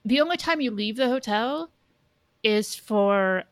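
A woman's voice: fairly high pitch, animated, unhurried, dry recording. A woman co-hosting a podcast, blunt and sweary in casual chat. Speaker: podcast co-host.

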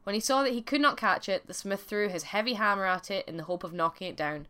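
A woman narrating a folk tale for a podcast in a clear, expressive storytelling voice. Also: medium pitch, quick pace.

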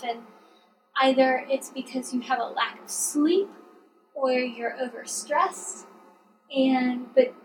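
A woman's voice: high voice, echoey room, far from the mic, poor audio. A woman who works as a counselor, chatting earnestly and affirmingly on a podcast. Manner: earnest, affirming, frequent agreement. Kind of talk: casual conversational chat.

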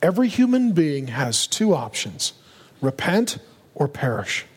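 A male pastor preaching a sermon with urgency, driving home his points and rising to loud, emphatic peaks. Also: fairly high pitch, very animated, measured pace, breathy edge. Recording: long reverb of a large hall.

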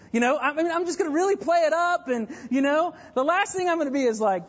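A man preaching a sermon as pastor, animated and joking, stumbling through fillers and restarts. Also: very high-pitched, moderate pace, breathy edge, long reverb tail, dull audio. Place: church sanctuary.

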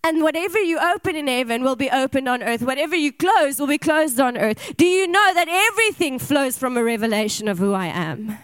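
A woman's voice: high voice, animated, fairly quick, few pauses, dry recording. A woman preaching speaks as a solemn, authoritative male divine teacher, declaiming with emphatic repetition. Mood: commanding.

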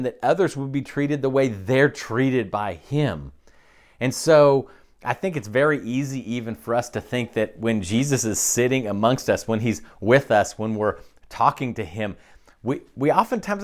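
A man preaching a conversational sermon, often checking in with the listeners by asking "okay?". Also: medium pitch. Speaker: pastor.

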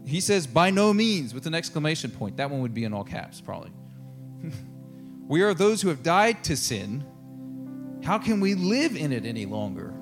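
A man's voice: on the high side, very animated, normal speed, pauses often, soft background music. A man preaching a sermon in a casual, conversational way, acting out quotes and laughing now and then. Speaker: pastor.

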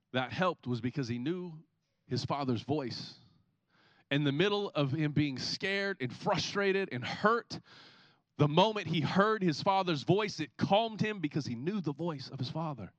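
Man, pastor, sermon, lively storyteller, fairly high voice, dry close mic. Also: measured pace, no room sound, lo-fi sound. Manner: animated storytelling, acts out scenes. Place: church.

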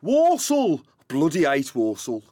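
Casual: a dopey brummie tyrant, thick accent, bouncy and high. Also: male voice, huge pitch swings, slow, warm tone, no echo, clean studio sound, full character voice. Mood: petulant. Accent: Birmingham. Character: bumbling Midlands-accented male dictator. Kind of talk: comedy sketch acting.

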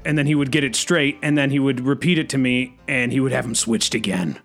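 A man's voice: medium pitch, fairly even intonation, brisk, a bit bright, soft background music. A man hosting an improvised comedy bit, rambling anxiously and saying freaking constantly.

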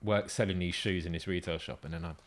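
A man in casual conversation, chummy and slangy, tossing in quick agreements and telling his own tale. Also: low-pitched, steady tone. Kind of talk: casual chat.

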